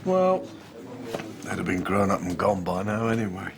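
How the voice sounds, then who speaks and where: An actor playing a reserved older police inspector who answers tersely. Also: male voice, deep voice, very animated, normal speed, creaky, noisy background, heavily acted. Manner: terse, guarded replies.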